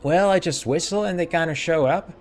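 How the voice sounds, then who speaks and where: A man's voice: on the high side, brisk, a little hiss or hum, pitched above the performer's own voice, close to an everyday voice. A man reading the lines of a wisecracking floating skull companion, with sarcastic, grumbling remarks. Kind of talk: reading game dialogue aloud.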